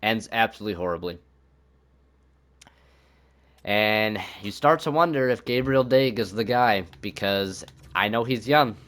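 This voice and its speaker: A man's voice: fairly low pitch, a little slow, long pauses, a bit bright. A young man commenting on his own hockey video game season, thinking aloud and swearing when things go wrong. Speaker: gaming YouTuber.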